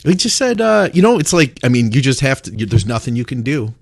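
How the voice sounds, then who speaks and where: A man co-hosting a casual podcast, talking in a relaxed way full of fillers and "like". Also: medium pitch, fairly quick, creaky, slightly rough. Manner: relaxed, filler-heavy, says like a lot. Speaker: podcast co-host.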